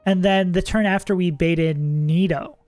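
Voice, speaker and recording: A streamer in casual livestream commentary, thinking aloud about game strategy, chatty and quick to laugh. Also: mid-range voice, steady tone, darkish tone, no echo, faint music behind.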